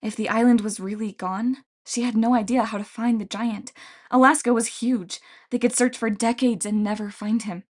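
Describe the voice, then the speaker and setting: A woman narrating a fantasy novel as an audiobook reader in a steady storytelling manner. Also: fairly high pitch, moderate pace.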